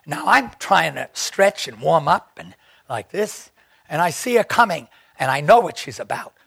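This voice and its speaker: Older man, raised pitch and a husky edge, spinning animated stories with side tangents, dry close sound. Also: moderate pace, no echo. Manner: animated, acts out quoted voices; digressive, rambling. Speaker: interviewee. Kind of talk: storytelling anecdote.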